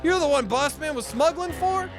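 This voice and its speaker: Man doing a whiny high-voiced fish hero. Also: normal speed, over music.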